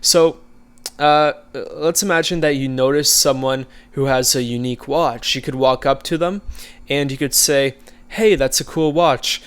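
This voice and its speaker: A man coaching viewers in a casual, conversational way, relaxed and easygoing, with frequent fillers. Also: mid-range voice, moderate pace, smooth. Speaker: social skills coach. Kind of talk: casual instructional talk.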